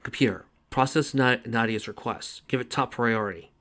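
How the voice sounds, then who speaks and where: A man's voice: mid-range voice, normal speed, fairly bright tone, lightly acted. A man reading the lines of a cocky, lovestruck young male squirrel hero in a dry, teasing way. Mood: brisk.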